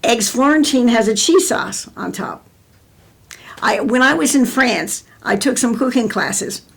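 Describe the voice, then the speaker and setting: A woman's voice: a little high, animated, a little slow, creaky, slightly rough. An older American woman telling stories in an oral history interview, rambling with many restarts.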